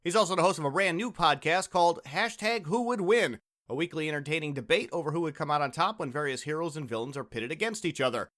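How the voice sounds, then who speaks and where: A man hosting a comedy podcast, boisterous and quick to burst out laughing. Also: a little high, expressive. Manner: boisterous, laughs loudly at jokes. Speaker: podcast host.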